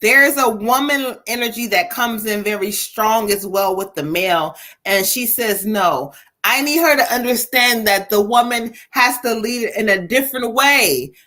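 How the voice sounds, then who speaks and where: A woman tarot reader and medium giving a live-streamed ancestor reading, casual and slangy, talking aloud to spirits between pauses. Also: a little high, pushed and bright.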